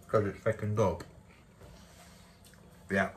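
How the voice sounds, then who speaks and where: A man casually reviewing food to camera from a home kitchen, in a relaxed, dry and self-mocking way. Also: on the low side, a little slow, long pauses, slight background noise. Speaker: food vlogger.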